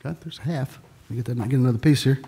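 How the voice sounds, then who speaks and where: A man's voice: medium pitch, quick pace, mellow, big-room sound, a little hiss or hum. A man from Dallas, Texas, performing magic tricks on a live stream, telling corny jokes in loose, rambling patter.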